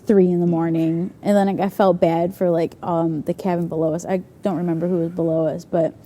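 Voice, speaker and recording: A young woman who works as a youth leader chats casually, giggling and peppering her stories with "like." Her voice sits on the low side with little pitch movement, a warm tone, and a slightly quick pace.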